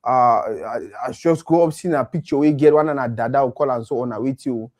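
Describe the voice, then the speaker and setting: A man's voice: medium pitch, fairly quick. A man with a Nigerian accent chatting animatedly about football, slipping into Pidgin. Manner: animated, mixes Pidgin with English. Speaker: co-host. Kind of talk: casual football chat.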